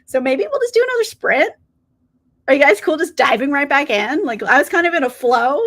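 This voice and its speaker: Brief: high-pitched woman, chatty book streamer, casual and giggly, swears lightly. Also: expressive, a little fast, a bit bright. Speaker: reading live-stream host. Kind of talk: casual chat to live viewers.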